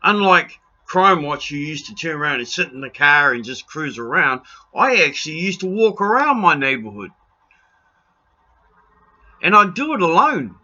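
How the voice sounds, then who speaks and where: Forceful New Zealand man ranting. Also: on the high side, sing-song, normal speed, muffled recording. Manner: pleading, blunt, swears freely, raises his voice. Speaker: video blogger. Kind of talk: impassioned rant to camera.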